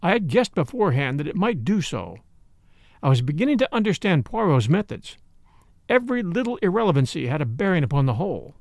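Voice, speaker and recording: A man's voice: fairly high pitch, sing-song, a little fast, dry recording. A man giving a dramatic, dry-humored first-person reading of a classic mystery novel. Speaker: audiobook reader.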